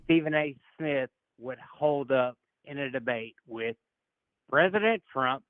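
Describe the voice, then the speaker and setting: A male caller arguing with the host, aggravated and halting, repeating himself as he goes. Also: medium pitch, expressive, no echo. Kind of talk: argument on a phone call-in. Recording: tinny phone line.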